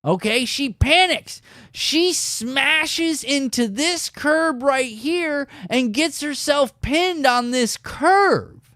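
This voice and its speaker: Animated man telling a wild story. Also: very high-pitched, very slow, dry recording, studio quality. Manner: animated and emphatic, keeps saying "dude". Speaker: fishing channel host. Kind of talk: casual storytelling to viewers.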